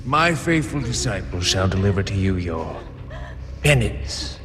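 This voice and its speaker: An actor playing a menacing older male cult leader in a game, slow, solemn and commanding. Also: deep voice, sing-song. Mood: soothing menace. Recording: game audio with reverb and loud music.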